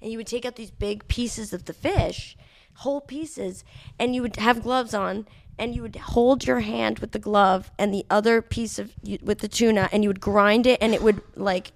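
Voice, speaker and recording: Gravelly-voiced young woman telling stories. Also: medium pitch, normal speed, no room sound. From New York City. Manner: animated storyteller, swears freely. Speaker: comedian guest. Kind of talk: casual podcast chat, storytelling.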